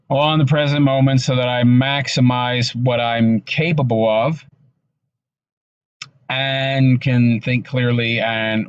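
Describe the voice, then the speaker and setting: Tired man, halting vlog monologue from his car, close dry sound, slightly dull audio. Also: mid-range voice, dry recording. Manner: halting, subdued, with many restarts and fillers. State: exhausted. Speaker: vlogger. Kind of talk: casual personal vlog monologue.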